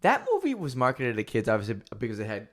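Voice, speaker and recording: A woman's voice: rumbling low, huge pitch swings, quick pace. A young woman co-hosting a podcast in a laid-back, blunt way, swearing casually. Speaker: podcast co-host. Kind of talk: casual chat.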